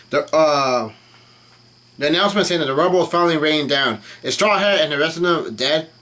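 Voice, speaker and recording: A man casually reading a comic chapter aloud and commenting on it, with the dialogue in a flat voice and frequent fillers and self-corrections. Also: a little high. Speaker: channel host reacting to a comic chapter.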